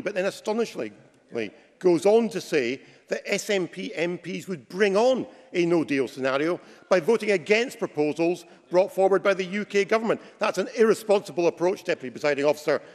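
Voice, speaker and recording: A man with a slightly raised pitch questions a minister in a pointed, sarcastic debating style. His voice rings through a large chamber with a long reverb. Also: lively intonation, fairly quick, a little mellow. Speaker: opposition member of parliament. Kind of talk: parliamentary debate.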